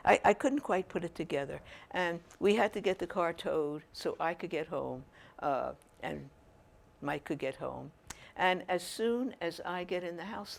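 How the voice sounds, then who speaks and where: Older female storyteller, animated, creaky voice. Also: on the low side. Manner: chatty, animated, laughs while telling. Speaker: speaker telling stories to an audience. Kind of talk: storytelling talk.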